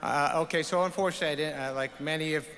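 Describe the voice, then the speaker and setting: A man's voice: on the high side, fairly even intonation, racing, a bit bright, a little hiss or hum. A middle-aged man giving an off-the-cuff, stammering, jokey award acceptance speech on a ceremony stage. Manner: rambling, stammering, profane and jokey. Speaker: award recipient. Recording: reverberant awards hall, faint ambience.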